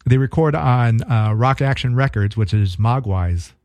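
A man's voice: medium pitch, darkish tone, no room sound, lo-fi sound. Rambling man in casual podcast chat. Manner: rambling, halting, frequent fillers and laughs. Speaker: podcast co-host.

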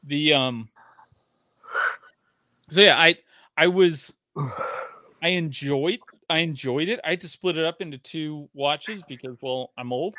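Unhurried and pausing often, this podcast co-host has a slightly high, sharp-toned voice on a dry recording. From his home garage he rambles and swears casually, trailing off and starting over.

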